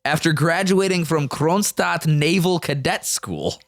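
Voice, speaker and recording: A man's voice: fairly high pitch, unhurried, dry recording, clean studio sound. A man co-hosting a podcast, telling a story in casual chat, crude and laughing often. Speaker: podcast co-host. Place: podcast studio.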